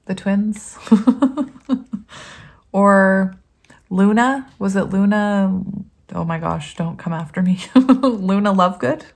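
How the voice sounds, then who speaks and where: A woman's voice: mid-range voice, steady tone, slow, creaky, long pauses. A woman giving a casual tarot reading to her viewers, chatty and rambling, often laughing and reading card meanings aloud. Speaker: tarot reader.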